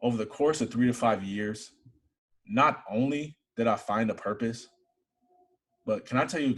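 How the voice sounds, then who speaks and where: A young man from Michigan, an interview guest, telling a personal faith story in earnest, building to excited emphasis. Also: fairly low pitch, slightly rough.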